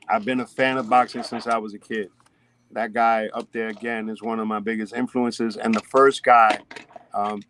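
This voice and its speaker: A man's voice: on the low side, noisy background. Rambling man chatting as podcast guest. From Spanish Harlem, New York. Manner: rambling, animated storyteller with many restarts. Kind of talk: casual podcast chat. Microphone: remote call.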